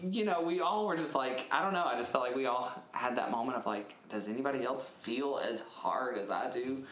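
Animated storytelling man in his thirties. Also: a little fast. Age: 30s. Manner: animated, laughs often, jumps into high pitch when retelling. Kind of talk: casual storytelling chat. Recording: echoey room with faint noise.

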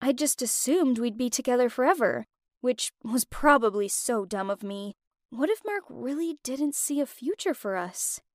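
High-voiced young woman narrating a story. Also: normal speed, dry recording, clean studio sound. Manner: emotional, expressive storytelling. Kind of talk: first-person story narration.

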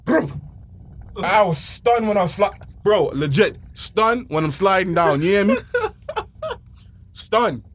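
Excitable high-voiced man telling a story. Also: slow pace, pauses often. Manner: excitable, slangy, shouts and laughs mid-story. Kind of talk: animated casual storytelling.

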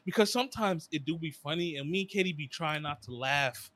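A young man chatting casually as a podcast co-host, rambling through stories with slang and sudden animated bursts. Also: a little high, a little fast. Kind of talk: casual chat.

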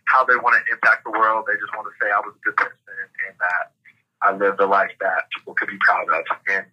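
A man's voice: fairly low pitch, flat delivery, fast talker, sharp tone, husky, low-quality recording. A man on a podcast as a guest, talking through life stages in a reflective, coaching way, often adding "like" and "right?". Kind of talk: motivational interview talk.

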